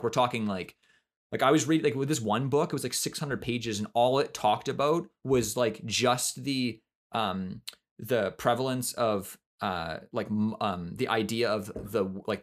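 Rambling, swearing male podcast co-host. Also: fairly low pitch. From Canada. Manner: rambling, filler-heavy storytelling with swearing. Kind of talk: casual chat.

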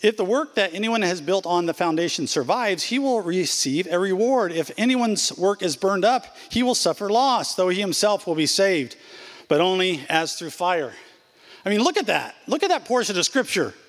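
A man in his sixties preaches in a high, light voice, hammering his points with repeated phrases and loose asides. His words ring out with a long reverb across a large church hall. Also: lively intonation, moderate pace. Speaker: pastor. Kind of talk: sermon. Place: church sanctuary.

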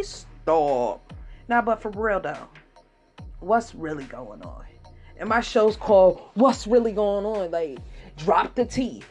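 Brash young woman hosting a podcast. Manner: brash, loud and swearing, with sudden high-pitched outbursts. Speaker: podcast host. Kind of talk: casual solo podcast rant.

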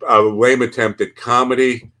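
A man's voice: mid-range voice, flat delivery, moderate pace, pushed and bright. A man hosting a podcast, chatting casually in a rambling, crude, joking way. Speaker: podcast host. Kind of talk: casual chat.

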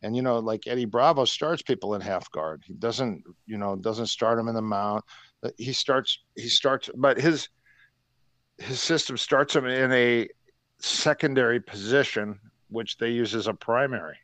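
A man's voice: medium pitch, moderate pace, fairly bright tone, dry recording. An older man, a martial arts coach, telling rambling anecdotes with frequent restarts as a podcast guest. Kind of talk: casual podcast chat, storytelling.

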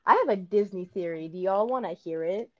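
A woman's voice: mid-range voice, a little fast, dry recording, lo-fi sound. A woman co-hosting a podcast, rambling and arguing emphatically in casual chat over a video call. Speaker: podcast co-host.

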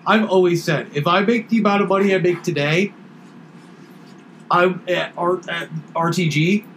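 A man's voice: sits high, moderate pace, a bit bright, a little hiss or hum, poor audio. Easygoing man in casual chat.

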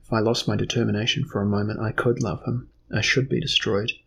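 A man voicing a frightened young woman who speaks in quiet despair, in an audiobook reading. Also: fairly low pitch, fairly even intonation, brisk, vocal fry, slight background noise. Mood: fearful.

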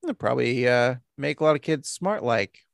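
A man's voice: mid-range voice, lively intonation, normal speed, gravelly, no room sound, studio quality. A man co-hosting a podcast, recapping an episode in casual chat, giggling and playful. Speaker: podcast co-host.

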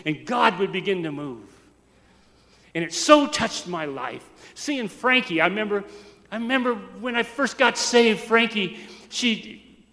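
High, bright-voiced preacher in a big hall. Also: male voice. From United States. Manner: storytelling, swings from soft to loud. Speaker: pastor. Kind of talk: sermon.

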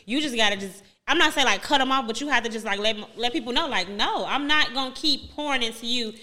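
A woman's voice: on the high side, fast, sharp tone. A young woman hosting a podcast, chatting in a candid, rambling way with many fillers. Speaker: podcast host. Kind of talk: casual podcast chat.

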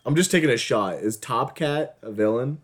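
A man co-hosting a casual podcast over a voice call, joking and self-deprecating with deadpan bits. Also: mid-range voice, normal speed. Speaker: podcast co-host. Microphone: voice call mic.

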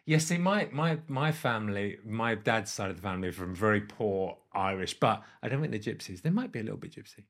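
A man's voice: on the low side, expressive, brisk, few pauses. A man chatting casually as co-host, telling stories animatedly and tripping over repeated words. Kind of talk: casual chat.

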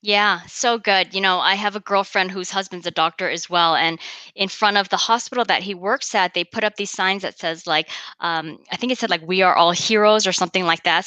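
A woman's voice: fairly low pitch, sharp tone, clean tone, no echo. A woman telling family stories and faith thoughts in casual chat, with lots of fillers. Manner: chatty storyteller, many fillers.

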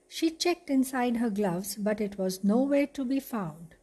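A woman reading a children's storybook aloud as the podcast host, soothing and unhurried. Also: a little high, expressive, dark tone, husky.

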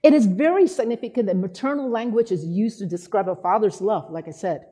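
A woman's voice: medium pitch, fairly quick, breathy edge. A woman preacher giving a sermon, telling stories and acting out the people she quotes. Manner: animated storytelling, acting out quotes. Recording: hall reverb.

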